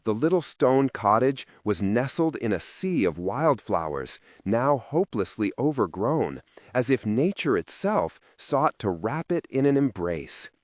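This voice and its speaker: A man narrating a fantasy novel in the first person, in a soft, measured and emotive way. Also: medium pitch, sing-song, dry recording, clean studio sound. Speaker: audiobook narrator.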